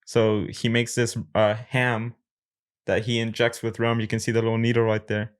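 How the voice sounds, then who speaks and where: A man chatting on a casual podcast in an easygoing, agreeable way. He tells stories in a relaxed tone and often chimes in with short agreements. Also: mid-range voice, moderate pace, smooth. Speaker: podcast co-host. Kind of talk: casual chat.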